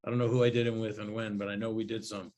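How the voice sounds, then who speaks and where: A man hosting an open mic comedy show, chatty and quick to laugh. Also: on the low side, level tone, darkish tone. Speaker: host.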